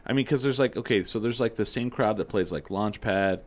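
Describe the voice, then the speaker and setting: A man's voice: lowish voice, brisk. A man hosting a casual podcast conversation, laid-back and rambling with lots of fillers. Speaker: podcast host. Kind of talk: casual chat.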